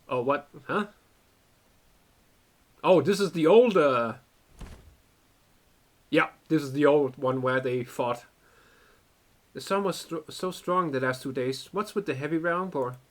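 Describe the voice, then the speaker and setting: A young man giving casual, excitable commentary while playing a game, swearing a lot and calling the viewer "bro". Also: on the high side, slow, pauses often. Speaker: gaming video creator.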